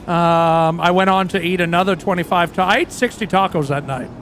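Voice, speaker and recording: A man's voice: high-pitched, fairly quick, fairly bright tone, faint music behind. A man playing a crude, boastful aging rock singer who tells rambling, profane stories in a role-play livestream.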